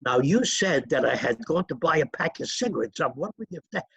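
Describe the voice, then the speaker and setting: Gravelly older New man reminiscing. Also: on the high side, lively intonation, fairly quick, fairly bright tone. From New York. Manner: rambling, digressive storytelling with chuckles. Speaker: interview guest. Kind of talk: reminiscing in a casual interview.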